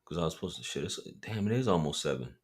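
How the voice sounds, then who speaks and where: A man's voice: a bass voice, expressive, fast, husky. A man hosting a casual livestream, joking and bantering with viewers in loose, slangy talk. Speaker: livestream host.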